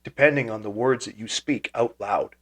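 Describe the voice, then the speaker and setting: An earnest man from Canada, a life coach appearing as a podcast guest. His voice sits at an ordinary pitch, and he talks in a motivational way, putting weight on the words that matter to him. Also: moderate pace. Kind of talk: casual conversation.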